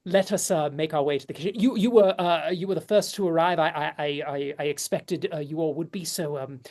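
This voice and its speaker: A woman's voice: sits low, a little fast, darkish tone. A woman voicing a flustered noble lady hostess who stammers through fussy, polite speech in a tabletop role-play.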